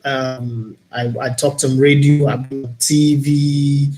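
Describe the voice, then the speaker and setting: A man's voice: medium pitch, level tone, slow, a little mellow, soft background music. A man with a Nigerian accent hosting a live-streamed talk show, speaking in an earnest, opinionated, reflective way. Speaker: host and broadcaster.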